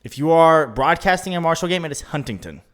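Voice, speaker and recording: A man co-hosting a podcast, ranting in a casual chat. His voice sits a little high and swings widely, and he laughs often as he talks. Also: animated, fast. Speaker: podcast co-host.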